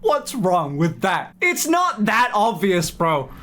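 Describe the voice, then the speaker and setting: This twenty-something streamer speaks slowly in a high, slightly bright voice with huge pitch swings. He fields viewer questions frankly in relaxed conversation, cursing freely and laughing a lot.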